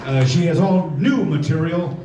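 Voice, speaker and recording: An older man emceeing a live variety show, chatty and halting with many fillers. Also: fairly high pitch, expressive, over loud music. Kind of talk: live stage announcing. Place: community hall with an audience. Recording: echoey hall, distant lo-fi room mic.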